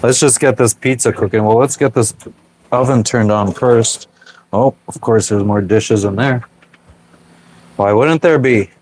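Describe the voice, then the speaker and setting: A man's voice: medium pitch, a little slow, darkish tone, slight background noise. A man from Pennsylvania chatting loosely with live viewers while cooking aboard a small sailing boat, swearing freely and answering questions. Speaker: sailing vlogger reading live chat. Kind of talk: casual live-stream chat.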